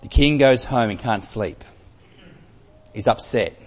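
A man preaching a sermon, telling a story with emphasis and dropping from loud to very soft. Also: medium pitch, slow pace. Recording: long reverb of a large hall.

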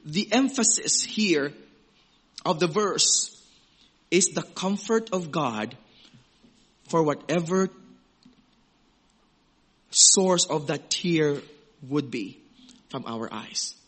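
A man preaching a sermon in a conversational, animated way, swinging from loud exclamations to hushed, gentle passages and acting out little quoted voices. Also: fairly high pitch, extremely slow, long pauses, breathy edge. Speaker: pastor.

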